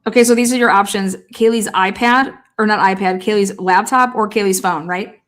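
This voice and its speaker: A woman talking through a case in a casual livestream, rapid, heated and full of swearing. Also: mid-range voice, fairly even intonation, a bit bright. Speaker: true-crime commentator.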